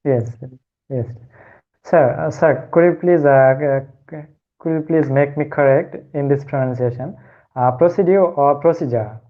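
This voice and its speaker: A man's voice: on the high side, normal speed. Hesitant polite man on a tinny call. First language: not English. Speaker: English learner. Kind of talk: deferential call-in questions.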